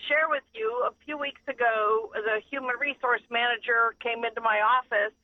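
A woman's voice: fairly high pitch, fairly even intonation, normal speed, dry recording. A woman calling in to a radio show, earnestly retelling a story from work. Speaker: caller. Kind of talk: phone call-in storytelling. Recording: muffled phone line.

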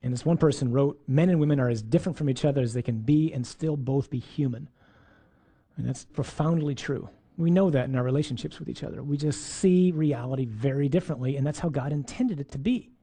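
A man giving a faith lesson on scripture, lively and playful, acting out voices in his asides. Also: mid-range voice, a little fast, breathy edge. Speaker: teacher.

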